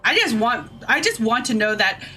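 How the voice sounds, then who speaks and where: A woman's voice: fairly high pitch, sing-song, moderate pace, over music. Heated, profane woman ranting on stream. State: drinking shots. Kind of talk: casual livestream rant.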